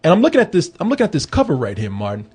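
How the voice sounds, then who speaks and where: A man hosting a movie review podcast, talking in an animated, joking, profane casual chat. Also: fairly high pitch, very fast, husky.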